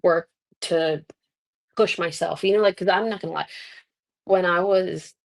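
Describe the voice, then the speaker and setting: A woman's voice: lowish voice, a little slow, vocal fry. A young woman wrestler in a casual interview, telling stories with quoted voices and frequent laughter. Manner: laughs often, animated storytelling with voiced quotes. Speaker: guest wrestler. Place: Mexico.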